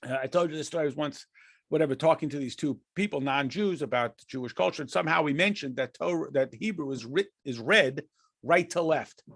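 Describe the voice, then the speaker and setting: A man's voice: a little high, brisk, gravelly, fairly bright tone, no room sound, clean studio sound. An American man teaching a conversational Torah lesson, asking and answering questions with frequent restarts and chuckles. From United States. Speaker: rabbi teaching a class.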